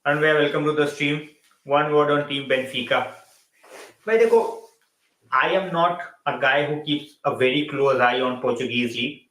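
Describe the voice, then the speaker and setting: A man's voice: on the high side, steady tone, fairly quick, bright, forceful tone, echoey room, rough recording. Man mixing Hindi and on a stream. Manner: switches between Hindi and English mid-sentence, repeats phrases. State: tired and yawning late at night. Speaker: football channel host. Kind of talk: live stream football chat.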